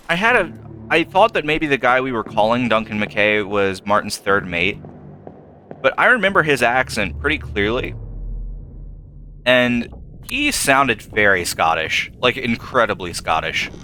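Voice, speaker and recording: A young man doing let's play commentary, thinking aloud and hesitating, with sudden excited jumps. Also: medium pitch, a little hiss or hum. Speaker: gameplay commentator. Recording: faint game music behind.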